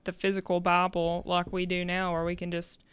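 Woman co-host, flat even delivery, very clear voice, explains steadily. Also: fairly low pitch, normal speed, dry recording. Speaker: podcast co-host. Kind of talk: casual Bible study discussion.

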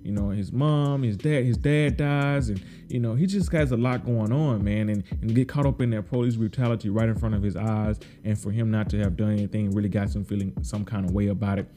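A man's voice: fairly low pitch, brisk, hardly any pauses, warm tone. A man recapping a TV episode in casual, rambling talk, repeating words and acting out characters' lines. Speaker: podcast host recapping a TV episode.

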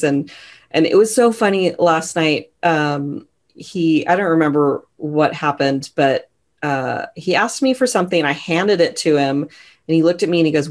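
A woman in her thirties hosting an interview, chatting casually and telling a family story with a laugh in her voice. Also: sits low. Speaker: host.

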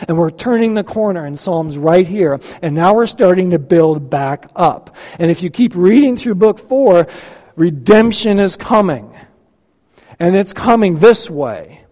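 Guy pastor preaching, kinda high voice, eager, keeps quizzing the room, lots of hall reverb. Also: expressive, unhurried, dark tone. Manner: enthusiastic, asks the audience questions. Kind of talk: sermon teaching.

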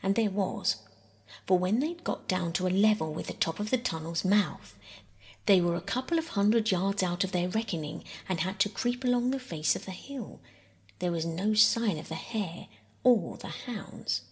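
A woman reading a classic children's story aloud as a soft bedtime audiobook, often half-whispering. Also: medium pitch, normal speed, slightly rough. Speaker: audiobook narrator.

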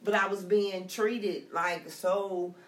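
A middle-aged woman telling her story in casual conversation, blunt and streetwise, animated as she talks. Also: mid-range voice, slow. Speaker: guest sharing her story. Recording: echoey room, somewhat far from mic.

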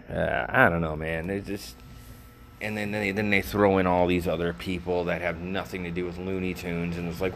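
A man's voice: low voice, level tone, normal speed, a bit bright, a little hiss or hum. An older man talking casually and rambling to his viewers, with lots of fillers and swearing. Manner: rambling, profane, frequent fillers. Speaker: vlogger.

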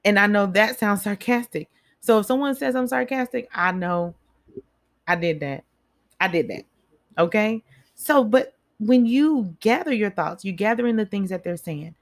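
A woman's voice: medium pitch, lively intonation, normal speed. A woman giving a casual motivational talk, chatty and speaking straight to her listeners, repeating phrases for emphasis.

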